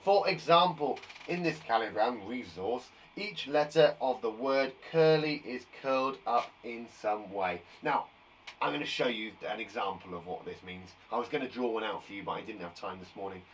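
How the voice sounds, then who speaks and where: A man's voice: medium pitch, normal speed, far from the mic, a little hiss or hum. A man teaching a live online lesson to young children, upbeat, chatty and encouraging. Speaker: primary school teacher.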